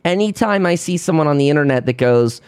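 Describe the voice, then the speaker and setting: A man's voice: on the high side, expressive, fast talker, clean tone, dry recording. A man hosting a podcast, giving a heated, sarcastic political monologue and putting on mocking voices when he quotes people. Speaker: podcast host.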